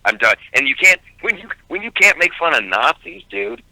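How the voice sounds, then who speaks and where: Comedian guy on the phone, very bright edgy voice, lots of i-i restarts. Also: high voice, normal speed, gravelly, no room sound, low-quality recording. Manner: animated, stammering restarts. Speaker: stand-up comedian, guest. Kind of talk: casual radio interview. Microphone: phone call.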